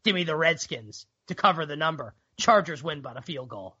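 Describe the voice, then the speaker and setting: A man's voice: a little high, lively intonation, a little fast, pushed and bright. A man on a sports betting podcast panel, talking in an emphatic, contrarian way. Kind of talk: casual sports betting chat. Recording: slightly muffled, husky podcast audio.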